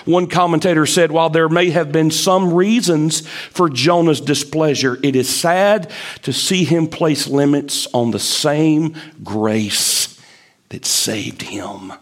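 A man delivers a slow, emphatic sermon, his voice climbing high as he drives each point home. He acts out the prophet's complaints along the way.

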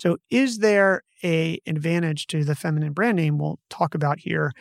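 A man's voice: a little high, normal speed, vocal fry, hardly any pauses, dry recording, studio quality. A man hosting a podcast, casually walking through a research study from his notes and correcting himself as he goes. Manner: conversational, self-correcting, reads from notes. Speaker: podcast host.

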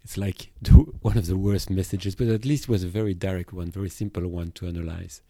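A Belgian man with a French accent talks through a solo podcast as a therapist, thoughtful and a little halting. His voice sits low and mellow. The sound is close and dry, with no room around it. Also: steady tone, dry recording. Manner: reflective, with hesitations and restarts. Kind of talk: podcast monologue on emotions.

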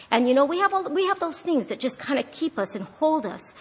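Woman, Bible study teacher, chatty earnest devotional talk, frequent restarts, slightly high voice, long hall reverb. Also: big pitch swings, brisk.

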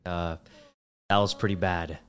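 A man co-hosting a podcast, chatting casually in a low-key, soft-spoken way. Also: little pitch movement, measured pace. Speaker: podcast co-host. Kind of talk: casual chat.

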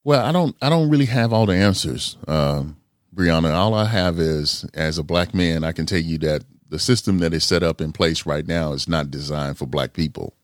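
Deep-voiced man hosting a podcast. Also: moderate pace, no room sound, clean studio sound. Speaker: podcast host. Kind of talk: casual podcast talk.

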